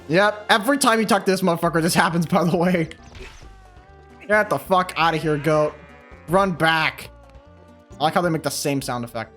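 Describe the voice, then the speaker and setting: A young man casually commenting on a video game as he plays, excitable, laughing and swearing often. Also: a little high, normal speed, pauses often, soft background music. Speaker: gaming channel host. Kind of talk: casual let's play commentary.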